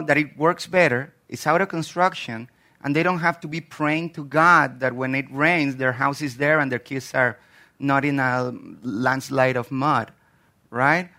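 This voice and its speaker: A man with a fairly high, bright and forceful voice speaks on a panel discussion. He makes emphatic points, drops in rhetorical asides, and then turns them into a question for a fellow panelist.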